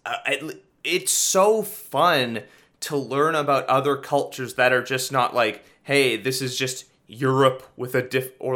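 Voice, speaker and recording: Bright-voiced man, hesitant casual chat. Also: medium pitch. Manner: hesitant, trailing off.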